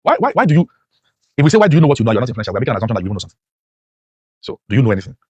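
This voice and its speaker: Pitched on the low side, this motivational teacher's voice is a little mellow and breathy, and he talks at a racing clip with lively intonation. His sermon-like lecture to a class is loaded with rhetorical questions, and his voice shoots up sharply to stress points. It's a lo-fi recording with no room sound.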